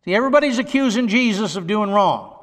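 A male preacher with a notably high voice delivers a sermon, reading scripture and cutting in with emphatic, chatty comments. His voice rings out with a long hall reverb. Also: expressive, fast talker, fairly bright tone. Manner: emphatic, conversational asides.

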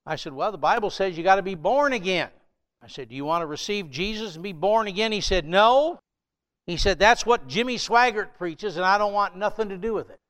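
An older pastor in his seventies preaches in a relaxed storytelling way, slipping into emphatic raised lines when he presses a point. His voice sits a little high for a man, smooth and clear. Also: a little fast. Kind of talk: sermon.

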